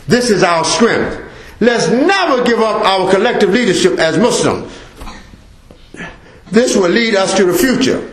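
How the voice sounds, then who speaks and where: High-voiced American man preaching emphatically. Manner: emphatic, repetitive preaching with acted-out asides. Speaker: guest speaker. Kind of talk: mosque talk to a congregation. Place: mosque hall. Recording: echoey mosque hall.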